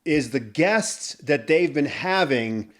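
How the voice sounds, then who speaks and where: A man with a slightly high voice talks bluntly on a casual podcast. He swears often and circles back over his own sentences. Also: lively intonation, takes it slowly. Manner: blunt, profane, rambling. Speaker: podcast co-host. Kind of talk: casual chat.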